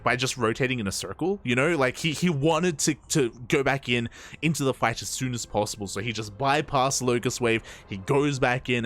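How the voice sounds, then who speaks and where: A man casting a live strategy game, calling the action and getting louder and higher at big moments. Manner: excitable, rising pitch at big moments. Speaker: esports caster. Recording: faint game music underneath.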